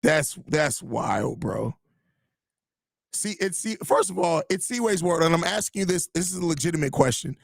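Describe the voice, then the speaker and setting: A sports podcast host from the Chicago area reacts to listener comments on a live show, ranting in frustration with lots of profanity and repeated phrases. His voice is fairly high, animated and touched with vocal fry, at normal speed. The studio recording is clean with no echo.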